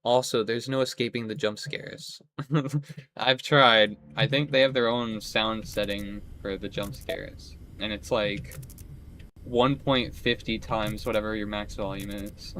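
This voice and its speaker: A man's voice: mid-range voice, fairly bright tone, a little hiss or hum. A young man chatting casually during a game stream, rambling, swearing and laughing often. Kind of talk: casual gaming stream chat.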